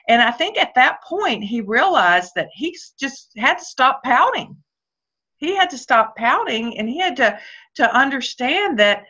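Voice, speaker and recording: A woman's voice: a little high, normal speed. A woman telling an emotional personal story on a video call, close to tears and acting out the other voices. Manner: emotional, about to cry, animated retelling. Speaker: company leader speaking on a video call. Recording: dull lo-fi video call audio.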